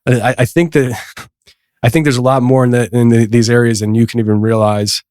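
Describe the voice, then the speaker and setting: A man's voice: mid-range voice, level tone, fairly quick, darkish tone, no echo, clean studio sound. A man hosting a podcast, telling a story in a loose, rambling way with many restarts and frequent laughs. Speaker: podcast host. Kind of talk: casual conversation.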